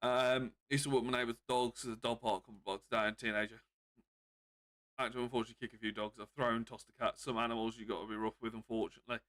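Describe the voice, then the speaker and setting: A man streaming games, chatting casually and more quietly than usual because of bruised ribs, chuckling often. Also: mid-range voice, quick pace. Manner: subdued, calmer than usual, with frequent chuckles. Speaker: game streamer. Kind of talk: casual live-stream chat.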